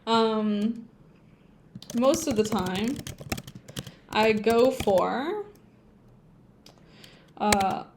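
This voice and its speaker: A woman's voice: fairly high pitch, lively intonation, very slow, long pauses, a little hiss or hum. A woman teaching an English speaking-test lesson on a livestream, thinking aloud and humming to herself as she types. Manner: hums and sings to herself while typing.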